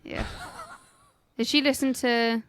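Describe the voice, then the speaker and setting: A woman's voice: a little high, steady tone, takes it slowly. A woman co-hosting a history podcast in a casual, jokey way, swearing freely as she tells the story. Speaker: podcast co-host and researcher.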